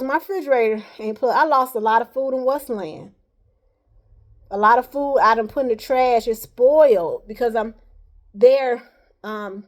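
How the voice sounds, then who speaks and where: A woman with a slightly higher voice talks straight to camera in a loose, rambling monologue. She keeps pressing her points earnestly and checks in with a steady "all right" as she goes. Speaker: vlogger.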